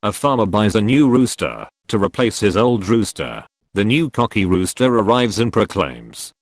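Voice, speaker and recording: A man narrating a compilation of jokes in an expressive storytelling manner. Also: fairly low pitch, normal speed, hardly any pauses, no room sound. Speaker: joke narrator. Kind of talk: scripted joke narration.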